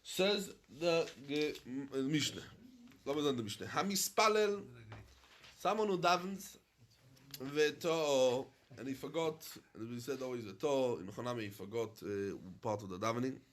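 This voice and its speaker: A rabbi teaching a Talmud class to students, chanting the Aramaic text and then explaining it in English, often halting and repeating himself. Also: male voice, medium pitch. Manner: halting, with frequent restarts and repetition. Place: study hall in London.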